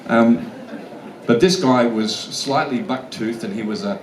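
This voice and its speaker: Speaking a little slowly in a mid-range voice, this outback Australian man tells blunt, casual stories and swears freely while answering questions as a guest actor at a convention. The sound is distant and echoey, captured in a large hall with faint background noise.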